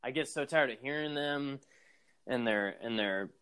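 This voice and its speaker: A man's voice: mid-range voice, normal speed, fairly bright tone, clear, resonant tone. Blunt, cynical male podcast co-host. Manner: cynical, blunt, laughs along. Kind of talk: casual chat.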